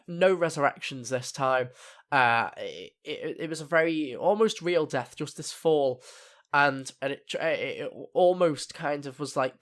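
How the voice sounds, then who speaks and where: A man's voice: medium pitch, fairly bright tone. A young man giving a casual spoken TV episode review, rambling with many fillers and restarts. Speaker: TV review vlogger.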